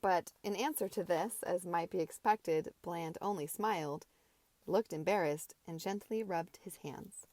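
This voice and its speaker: Low-voiced woman reading an audiobook. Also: a little slow, dry recording. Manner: relaxed, unpolished reading, with occasional restarts. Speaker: audiobook reader. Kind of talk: amateur audiobook narration.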